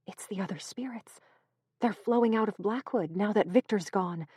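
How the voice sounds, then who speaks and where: A woman's voice: mid-range voice, normal speed, mellow, breathy edge, no echo, natural voice. A woman reading an audiobook gives voice to a wounded young woman with a dry, sarcastic wit. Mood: wry. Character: injured young woman, wry and stubborn.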